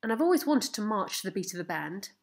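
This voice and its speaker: A woman's voice: mid-range voice, very animated, fast, creaky. A woman reading aloud as a kind, eager fifteen-year-old farm boy who speaks tenderly to his horse. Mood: earnest. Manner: tender, coaxing, proud. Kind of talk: storybook reading.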